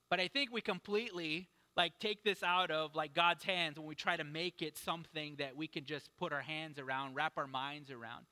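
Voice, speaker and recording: A man's voice: sits high, moderate pace, sharp tone, long reverb tail. A man giving a casual, conversational sermon in a church, often asking "right?" as he reads and explains a passage. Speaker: preacher.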